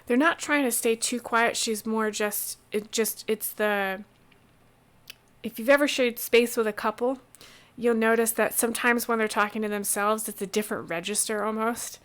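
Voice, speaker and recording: A woman running a tabletop role-playing game as game master, describing scenes in a relaxed, halting way with many restarts. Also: a little high.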